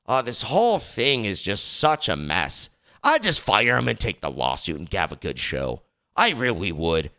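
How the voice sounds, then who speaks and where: A man's voice: on the low side, huge pitch swings, moderate pace, pushed and bright. A young man hosting a podcast in casual talk, rambling and exasperated, slipping into mocking voices. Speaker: podcast host.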